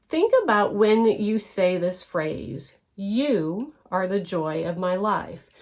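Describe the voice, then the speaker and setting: An older woman teaching a scrapbooking design lesson, explaining each step patiently and pausing with fillers. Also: medium pitch, a little mellow. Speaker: scrapbooking instructor. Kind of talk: instructional lesson.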